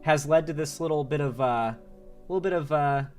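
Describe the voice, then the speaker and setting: A man's voice: on the high side, fairly quick, soft background music. A man from Florida chatting casually on a live stream, rambling and swearing, with a sore throat. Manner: rambling, profane, excitable. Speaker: political commentary streamer.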